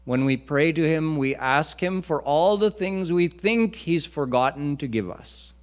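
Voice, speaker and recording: A man's voice: on the high side, expressive, measured pace, clean tone. A man preaching a devotional lecture in a temple, teaching earnestly and chanting Sanskrit verses. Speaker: swami preacher. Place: temple hall.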